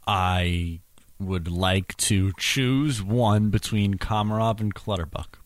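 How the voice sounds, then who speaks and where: A man with a fairly low voice gives blunt, opinionated hockey takes in a casual chat. The sound is dry and close to the mic. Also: slow pace, dry recording. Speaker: podcast co-host.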